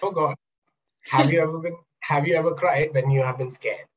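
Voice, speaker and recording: This webinar talk comes from a male NLP coach and trainer on a video call, who asks questions and acts out examples as he explains. His pitch is fairly high and his tone steady, and he speaks a little fast. The audio is dull with a little hiss or hum.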